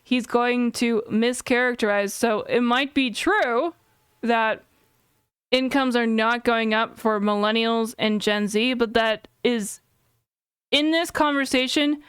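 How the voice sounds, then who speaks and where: A woman's voice: on the high side, takes it slowly, a bit bright, clean tone, no echo, clean studio sound. A woman in her thirties reacting on a live stream, thinking aloud in a chatty way with many fillers and self-corrections. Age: 30s. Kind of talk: casual live-stream commentary.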